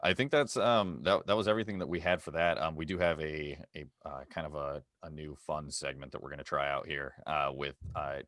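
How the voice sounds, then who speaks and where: A man co-hosting a travel podcast in loose casual chat, pausing often with fillers and restarts. His voice is very low with a bright, forceful edge, recorded dry and close. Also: fairly even intonation, no room sound. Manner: halting, many fillers and restarts. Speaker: podcast co-host.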